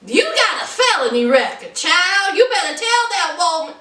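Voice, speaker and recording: A woman's voice: very high-pitched, very animated, moderate pace, pushed and bright. A woman recapping a TV show in a sassy, casual way, laughing and calling listeners honey and child. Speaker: TV show reviewer. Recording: echoey room, distant from the mic.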